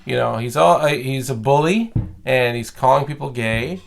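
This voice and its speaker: A man's voice: mid-range voice, normal speed, creaky. A man talking as a podcast guest in casual chat, blunt, profane and opinionated.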